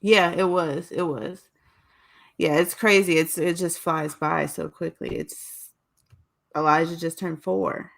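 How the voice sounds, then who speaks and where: A woman in her thirties co-hosting a podcast, chatting in a relaxed, agreeable way. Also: lowish voice, slow, gravelly. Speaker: podcast co-host. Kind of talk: casual podcast chat.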